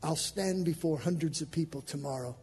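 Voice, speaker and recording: A male pastor preaching an impassioned sermon with an altar call, swinging from hushed lines to shouted ones. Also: a little high, fairly quick, breathy edge, soft background music.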